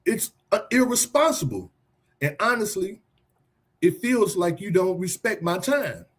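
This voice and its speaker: A man's voice: high voice, expressive, a little slow, breathy edge, heavily acted. A man reading the part of a frustrated wife who scolds her husband for forgetting the kids. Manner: reads the lines plainly, scripted.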